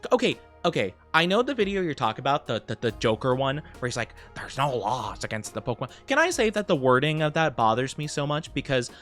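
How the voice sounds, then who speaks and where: A man's voice: on the high side, sing-song, fast, hardly any pauses, fairly bright tone, soft background music. A bubbly, giggly young man chatting casually with his live-stream audience. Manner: bubbly and giggly, talking straight to chat.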